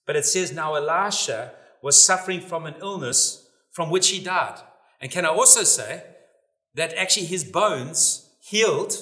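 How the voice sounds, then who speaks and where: A man preaching a sermon, emphatic, rising to loud declarations as he retells scripture and calls his listeners "friends". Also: a little high. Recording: echoey room.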